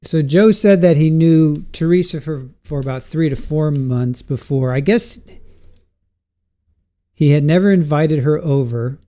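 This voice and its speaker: A man's voice: a little high, unhurried, warm tone. A man hosting a casual live stream, thinking aloud about trial testimony, restarting sentences and answering chat questions. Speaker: live trial commentary host.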